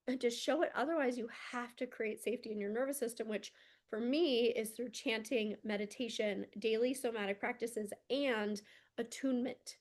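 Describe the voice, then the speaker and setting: A woman's voice: on the high side, fairly quick, darkish tone. A woman talking as a spiritual mentor in a heartfelt motivational monologue, earnest and emotional, often saying "like", recorded at home. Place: home room with candles and rugs.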